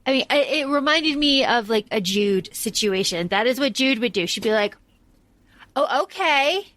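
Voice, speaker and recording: A woman's voice: a little high, moderate pace, a bit bright, no echo. A woman co-hosting a podcast in casual chat, enthusiastic and gushing. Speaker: podcast co-host.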